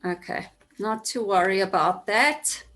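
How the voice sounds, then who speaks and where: A woman's voice: mid-range voice, measured pace, a bit bright. A woman teaching an online class over a video call, explaining a task step by step and repeating key points for emphasis. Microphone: computer mic on video call.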